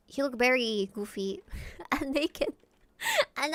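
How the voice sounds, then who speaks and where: A woman's voice: high voice, expressive, takes it slowly, fairly bright tone, dry recording, studio quality. A woman streamer chatting casually and jokily while she sketches, thinking aloud as she goes. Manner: playful, jokey, thinking aloud.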